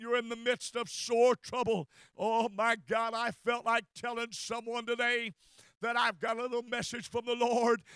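Fervent high-voiced older preacher man. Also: bright, forceful tone, clear, resonant tone, dry recording. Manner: fervent, repetitive exclamations. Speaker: pastor. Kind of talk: sermon.

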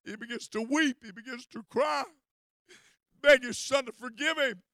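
A man's voice: very high voice, normal speed, sharp tone, no room sound, clean studio sound. A man preaching a sermon with fervent delivery, often stumbling over and repeating his words.

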